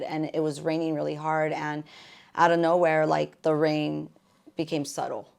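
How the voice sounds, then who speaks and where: Low soft-voiced woman, gravelly. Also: completely flat delivery, moderate pace. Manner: soft-spoken, emotional, many "like" fillers. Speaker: podcast guest. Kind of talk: personal testimony.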